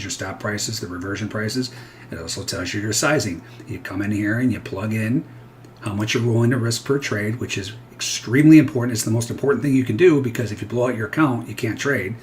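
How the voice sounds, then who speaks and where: A man's voice: lowish voice, fast talker, slight background noise. A man, a futures trader, talking through his trades live in a rambling, candid way that keeps interrupting itself. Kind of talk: live trading commentary.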